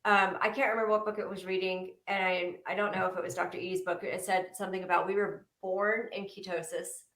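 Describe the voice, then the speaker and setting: A woman's voice: lowish voice, flat delivery, a little fast, fairly bright tone, roomy sound, rough recording. A woman, a nurse, speaking as a guest in a casual interview, earnest and hesitant, with many ums and restarts.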